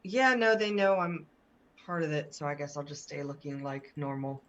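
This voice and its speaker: A woman's voice: sits low, lively intonation, normal speed, highs cut off. A woman playing a tabletop game, chatting casually and hedging her words with "like" and "uh". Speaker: player.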